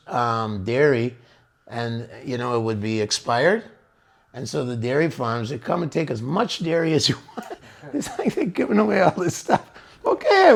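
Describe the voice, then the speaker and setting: Older male storyteller, gravelly tone, mid pitch, rambling casual delivery with frequent laughs. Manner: rambling, laughing often, acting out quotes. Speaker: devotional speaker recounting memories.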